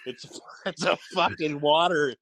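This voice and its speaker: A man's voice: on the high side, unhurried, fairly bright tone, poor audio. A man co-hosting a podcast, joking and teasing in casual banter. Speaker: podcast co-host. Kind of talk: casual chat.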